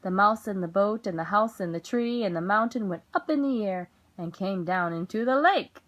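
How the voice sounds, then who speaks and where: A mother reading children's stories aloud at bedtime, gentle and expressive, with a rhythmic delivery. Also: mid-range voice, moderate pace.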